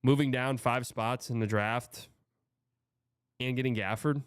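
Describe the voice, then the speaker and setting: A man's voice: mid-range voice, steady tone, a little slow, clean tone, dry recording, clean studio sound. A young man from Texas hosting a show, reading viewer comments in a loose, rambling, chatty way. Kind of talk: casual livestream chat.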